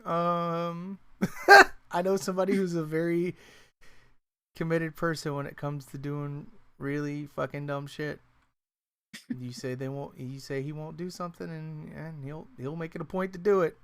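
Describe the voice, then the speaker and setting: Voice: mid-range voice, little pitch movement, measured pace, sharp tone, smooth. A podcast co-host chatting casually about a horror movie, rambling with lots of fillers and restarts, swearing freely and laughing often.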